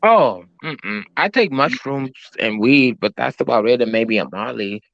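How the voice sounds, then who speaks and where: A man's voice: mid-range voice, lively intonation, measured pace, vocal fry, a bit bright, no room sound. A man with a New York accent, a guest chatting casually and rambling with lots of fillers. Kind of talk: casual chat. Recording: dull, dry sound.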